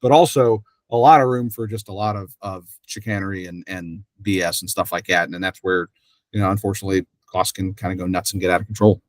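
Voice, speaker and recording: A man's voice: low-pitched, fast talker, no room sound. A man hosting an interview who talks in a loose, rambling way, full of fillers and restarts, and acts out the people he quotes. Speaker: interview host. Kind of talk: conversational interview.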